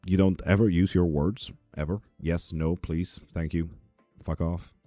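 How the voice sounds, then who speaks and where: A man's voice: deep voice, fairly even intonation, unhurried, warm tone, no room sound, soft background music. A man hosting a live tarot stream in his apartment, chatting casually and reading out viewer comments with sarcastic, profane humor. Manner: profane, sarcastic, laughs often.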